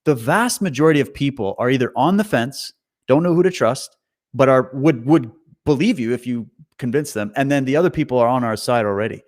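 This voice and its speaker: A man from Canada in casual conversation, telling an animated story and bluntly swearing as he goes. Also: mid-range voice, brisk. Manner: animated storyteller, acts out quoted voices. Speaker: guest.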